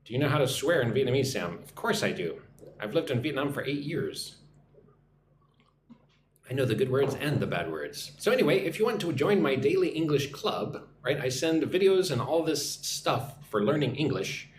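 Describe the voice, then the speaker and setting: A man's voice: medium pitch, sing-song, moderate pace, roomy sound, a little hiss or hum. Chatty man teaching English live. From United States. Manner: chatty, reads out comments, greets viewers in their languages. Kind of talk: live stream chat with viewers.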